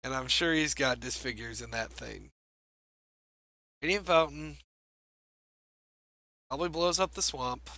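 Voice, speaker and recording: A man's voice: medium pitch, measured pace, long pauses, sharp tone, no echo. A young man giving wry, self-mocking commentary on a card game match as he plays, thinking aloud. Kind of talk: gameplay commentary.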